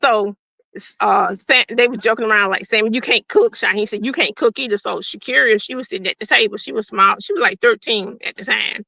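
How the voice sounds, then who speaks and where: Middle-aged woman, gravelly and bright, guest storyteller who acts out dialogue, dry sound. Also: medium pitch, a little fast, dry recording, low-quality recording. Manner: plain-spoken, acts out quoted dialogue. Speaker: guest telling her survival story. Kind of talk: unscripted personal storytelling.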